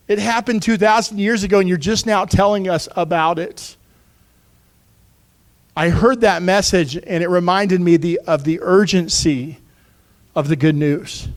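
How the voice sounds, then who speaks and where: A man preaching with an earnest, urgent drive, breaking into casual asides to his listeners. His voice sits high for a man. He speaks as a pastor from the pulpit. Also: steady tone, moderate pace. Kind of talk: sermon.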